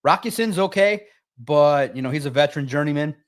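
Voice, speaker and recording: A man co-hosting a sports talk show, talking casually and emphatically, often jumping high in pitch to stress a point. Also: lively intonation, fairly quick.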